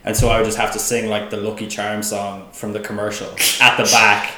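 An Irish man in his twenties, guesting on a casual podcast chat, talks in a lowish, level voice that is brisk with a sharp edge. He's laid-back, peppers his speech with "like" and swears freely. The recording has a roomy sound.

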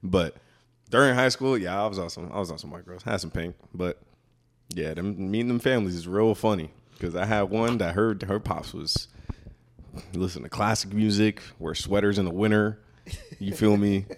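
A young man from Brooklyn talks in a casual podcast chat. His voice sits a little low for a man. He tells stories in a loose, profane, rambling way. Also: normal speed. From Brooklyn, New York.

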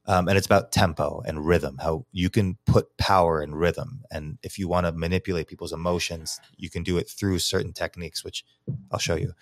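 A man's voice: deep voice, steady tone, brisk, no echo, studio quality. A man from New York, a teacher and psychology researcher, explaining poetry as a guest in a casual podcast interview, thinking aloud with many restarts.

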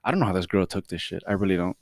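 A man's voice: low-pitched, racing, dry recording, clean studio sound. A man co-hosting a casual podcast, talking with lots of swearing and frequent laughter. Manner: animated, swears a lot, laughs often. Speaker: podcast co-host. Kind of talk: casual chat.

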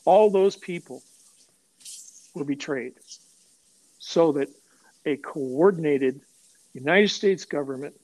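Older man, retired cop, blunt, profane, mocking, fairly high voice, animated storytelling. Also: rough recording. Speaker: retired police sergeant, guest.

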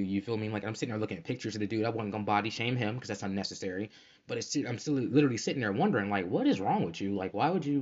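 A man's voice: lowish voice, a little mellow, muffled recording. A man hosting a casual solo podcast, talking in a fired-up, profane, streetwise way with lots of fillers, recorded at home at night. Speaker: podcast host. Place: bedroom at night, roommate asleep.

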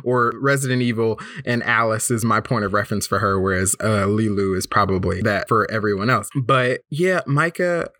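A man's voice: on the low side, moderate pace, few pauses, pushed and bright, dry recording. A man hosting a casual movie review podcast, rambling with frequent restarts and the odd curse. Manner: rambling, profane, hesitant restarts. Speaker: podcast host.

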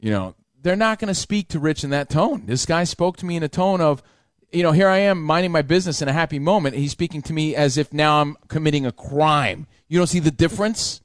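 A man's voice: on the high side, a little fast, clear, resonant tone, no echo, studio quality. A man hosting a call-in radio show, talking in a heated, defensive way and swearing. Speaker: radio talk show host. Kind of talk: casual call-in chat.

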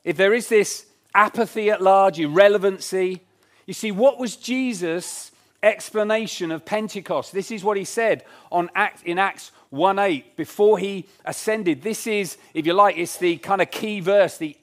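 A man's voice: sits high, unhurried. A man preaching a sermon in church, earnest and emphatic, repeating his key lines. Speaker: pastor.

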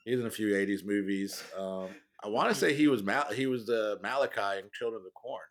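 A man's voice: fairly low pitch, fairly quick. A man chatting casually about old movies on a podcast, rambling and laughing as he goes. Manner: rambling, laughs often, trails off. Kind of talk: casual chat.

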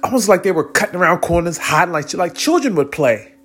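A young man with a slightly raised pitch tells a personal spiritual story in an earnest, rambling manner, often restarting his sentences. He sounds close to tears at times. Soft music plays faintly behind him. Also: very animated, brisk, slightly rough. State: tearful at times. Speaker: vlogger.

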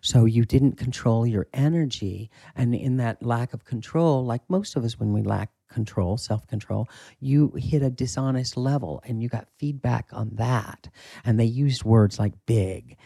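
A man talking as an acting coach in a casual interview, candid and emphatic, with a husky voice and the odd swear. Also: mid-range voice, a little slow, warm tone, dry recording.

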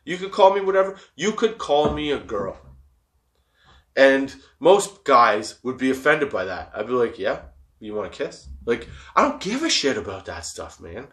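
A man's voice: mid-range voice, sing-song, normal speed, a bit bright. A young man hosting a podcast, talking casually and rambling, swearing a lot and laughing often. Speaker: podcast host. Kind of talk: casual stoner monologue.

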